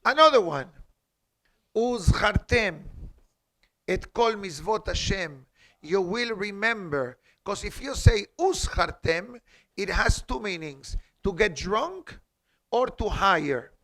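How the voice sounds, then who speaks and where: A man's voice: high-pitched, animated, a little slow, pushed and bright. A man giving a class as a rabbi in a synagogue, teaching in an emphatic way, quoting Hebrew and asking rhetorical questions. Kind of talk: halakha class.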